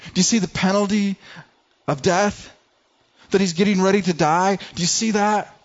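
A man from Michigan preaching a sermon as pastor, earnest and conversational, swinging from soft murmurs to loud declarations. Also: high voice, fairly even intonation, moderate pace. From Michigan, USA. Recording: dull lo-fi sound.

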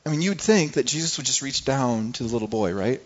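A man's voice: medium pitch, expressive, brisk. Earnest preacher man, dull lo-fi sound. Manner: earnest, repeats words while searching for them. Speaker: pastor. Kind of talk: sermon. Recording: dull lo-fi recording.

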